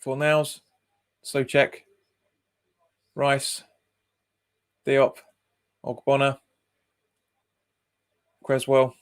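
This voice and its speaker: A man's voice: medium pitch, little pitch movement, extremely slow, pauses often, clean tone. A man, hosting a football watch-along stream, chatting casually, laughing often and reading out viewer comments. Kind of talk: casual live commentary and chat.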